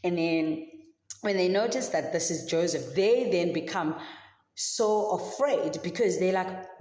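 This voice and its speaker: A woman leads a children's Sunday school lesson, telling the story in a casual, chatty way full of filler words. Her voice sits on the lower side. The sound is roomy, with a long reverb from a church hall. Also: lively intonation, a little slow, a little mellow.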